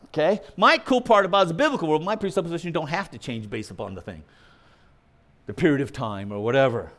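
Male preacher, high voice, very lively pitch, emphatic, argumentative sermon. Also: fast talker. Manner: emphatic, argumentative, mimics opponents' objections; swings between loud punchy lines and quiet asides.

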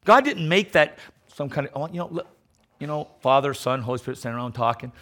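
With lively intonation and a quick pace, a middle-aged man preaches emphatically. Loud declarations give way to low mocking asides, and he often repeats words as he restarts.

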